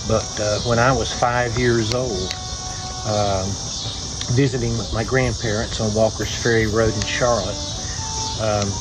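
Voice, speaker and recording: A man telling stories in an unhurried, folksy way by an outdoor fire, pausing often with "uh". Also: medium pitch, poor audio. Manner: unhurried, folksy, lots of "uh" pauses. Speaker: video blogger. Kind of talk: relaxed storytelling by a campfire. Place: outdoors beside a fire at night.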